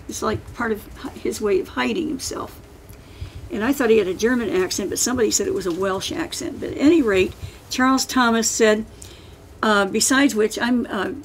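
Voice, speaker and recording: This is an older author at a book signing, her voice on the high side and the recording rough. Her talk to the crowd is casual and forceful, wandering off and starting over again and again.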